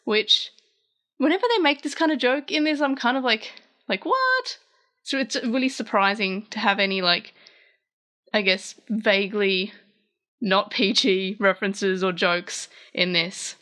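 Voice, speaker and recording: A woman's voice: medium pitch, steady tone, a little slow, fairly bright tone. A young woman, chatting casually as a channel host while she translates a comic and thinks aloud.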